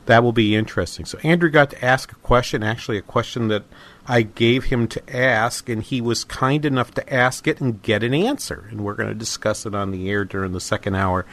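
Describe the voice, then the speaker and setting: A man's voice: medium pitch, fairly quick, a bit bright. Rambling middle-aged male radio host. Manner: rambling, many fillers and restarts. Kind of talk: casual talk radio monologue.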